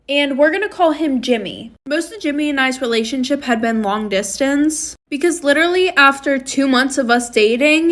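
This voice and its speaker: A woman's voice: high-pitched, a bit bright. A young woman in her twenties telling a storytime in a chatty, upbeat way. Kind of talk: casual storytime narration.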